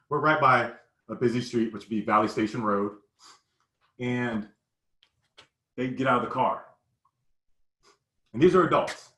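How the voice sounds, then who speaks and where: A man tells a personal story with raw emotion, stumbling and repeating words as he goes. His voice sits at a middle pitch, and the recording has a roomy echo. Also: pushed and bright. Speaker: guest recounting a personal story.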